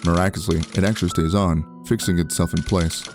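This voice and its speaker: A man reading a visual novel aloud in a steady first-person narration. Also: low-pitched, fast. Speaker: game narrator. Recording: background music.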